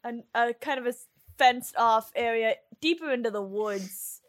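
Halting woman game master. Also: a little high. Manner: halting, searches for words. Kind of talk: narrating a tabletop game.

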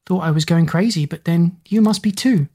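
A spirited teenage girl who asks blunt, curious questions, voiced by a woman. Her voice is low with a husky edge, as heard in a storybook reading. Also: normal speed, warm tone. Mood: startled.

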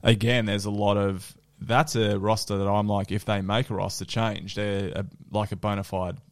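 A man's voice: lowish voice, level tone, normal speed. A male podcast co-host in casual sports chat, rambling with lots of fillers and restarts.

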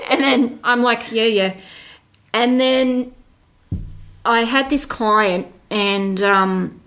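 A woman, a podcast guest chatting through a personal story and acting out the voices in it. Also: a bit bright. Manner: chatty, acts out voices in her story with quick pitch jumps. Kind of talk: casual storytelling.

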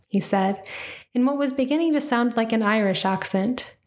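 A woman narrating a first-person story in an even, reflective reading voice. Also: mid-range voice, moderate pace.

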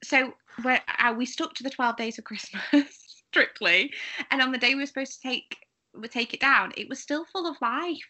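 A woman's voice: sits high, moderate pace, bright, forceful tone. A young woman from England co-hosting a podcast, chatting earnestly with a playful, melodramatic streak. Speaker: podcast co-host. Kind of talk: casual chat.

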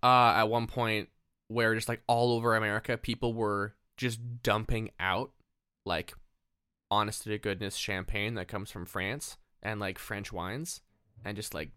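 A man's voice: on the low side, fairly even intonation, a little slow, sharp tone, smooth, dry recording, studio quality. A man co-hosting a podcast in casual chat, rambling and laughing often, with lots of fillers. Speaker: podcast co-host.

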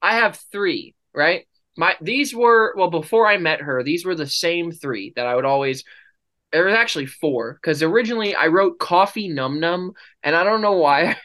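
A man's voice: a little high, normal speed, bright, forceful tone. A man co-hosting a casual podcast, joking and teasing in playful banter with his girlfriend. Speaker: podcast co-host. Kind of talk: casual couple chat.

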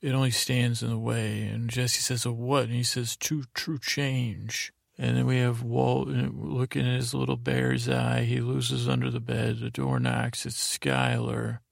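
Gravelly man rambling in a sleepy recap. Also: medium pitch, level tone, no echo, studio quality. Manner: meandering, halting, with many fillers and restarts. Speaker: podcast host.

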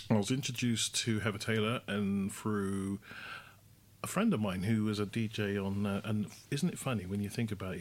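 A man from London, a film director, chatting as a radio guest, telling stories in a hesitant, rambling way. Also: lowish voice. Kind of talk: casual interview chat.

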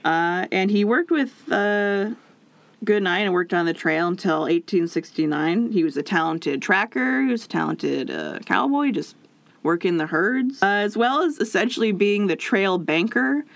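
A woman telling a history story in a loose, chatty way, quick to laugh and full of energy. Her voice sits at a middle pitch. The recording is dry, with no room sound. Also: creaky, no echo. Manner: storytelling, animated, laughs often. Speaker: podcast host. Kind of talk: casual history chat.

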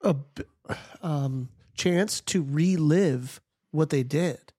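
A man's voice: on the high side, drawn-out words, dark tone, slightly rough. A man with a stuffy cold, co-hosting a podcast in casual chat, blunt and joking. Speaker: podcast co-host.

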